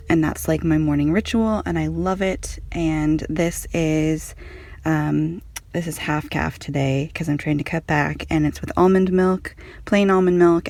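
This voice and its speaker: Woman from california vlogging her meals, lowish voice, lots of um and like, chatty. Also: creaky, a little mellow. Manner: chatty, self-deprecating, many ums and likes. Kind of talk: casual food diary vlog.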